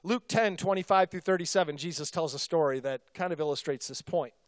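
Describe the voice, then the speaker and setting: Male pastor, middle-aged, high and resonant, dry close sound, chatty self-deprecating sermon storyteller. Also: fairly quick, no echo.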